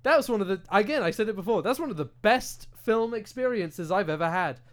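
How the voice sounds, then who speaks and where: High-voiced British man ranting. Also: brisk. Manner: animated, ranting, heavy swearing and filler words. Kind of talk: casual chat. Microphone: desk microphone.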